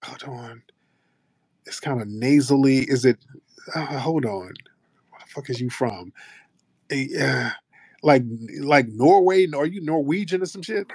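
Here the same kind of American host, loud-mouthed and swearing, trades jabs with callers in a live audio chat. His pitch sits in the middle with a darkish tone at normal speed, captured dry in studio quality.

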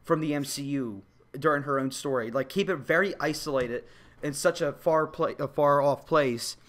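Bright high-voiced man chatting. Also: normal speed. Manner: animated, swearing, acts out scenes. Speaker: podcast guest. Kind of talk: casual podcast chat.

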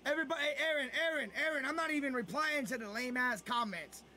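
A man's voice: very high-pitched, fast, pushed and bright, slight background noise. A man live-streaming a football video game, ranting at viewers in casual, profane chat and repeating himself as he goes.

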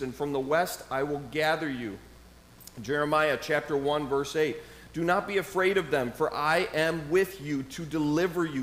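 A male pastor preaching a sermon. He reads scripture aloud with slow, emphatic stresses and breaks into casual, conversational asides. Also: fairly high pitch, slight background noise. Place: church sanctuary. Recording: echoey church room.

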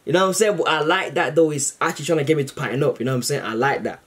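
A man hosting a reaction video, chatting casually to camera in a rambling, slangy way full of fillers, excited and grateful. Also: a little high, very fast, husky.

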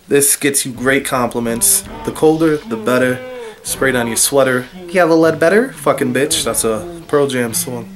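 Crude, taunting man with a raspy voice. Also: medium pitch. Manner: profane, taunting, rhetorical "huh?"; raspy, losing his voice. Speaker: fragrance reviewer. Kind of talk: crude comedic product review.

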